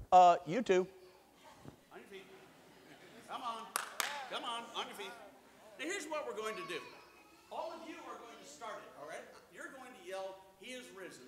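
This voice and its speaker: Man, middle-aged, children's sermon, fairly high voice, swinging pitch. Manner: animated, coaxing, playful with children. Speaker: church leader giving the children's message. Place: church sanctuary. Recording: long church hall reverb.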